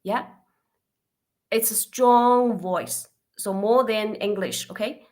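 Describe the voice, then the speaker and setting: A woman whose first language is Mandarin, teaching beginners in a live online class, speaking slowly and patiently while drilling sounds for learners to repeat. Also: mid-range voice, darkish tone. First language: Mandarin Chinese. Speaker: Chinese teacher.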